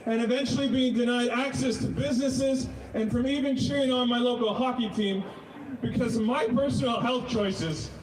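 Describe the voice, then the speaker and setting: A man's voice: very high voice, steady tone, moderate pace, roomy sound, far from the mic, rough recording. A man giving an earnest, emotional prepared speech, choked up and grateful. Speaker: speaker at a protest rally.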